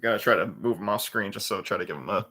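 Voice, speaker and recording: A man in his twenties hosts a livestream and chats loosely, often restarting and trailing off. His voice is lowish and bright. He is captured on a computer microphone. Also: fast, slight background noise. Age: 20s. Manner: rambling, with restarts and trailing fillers. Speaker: livestream host. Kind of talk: casual livestream chat. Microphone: computer webcam mic.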